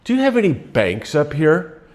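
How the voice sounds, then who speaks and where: Man playing a blunt restless bank robber, bit higher and louder than his normal voice. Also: wildly swooping pitch, moderate pace. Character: bored male bank robber in the afterlife.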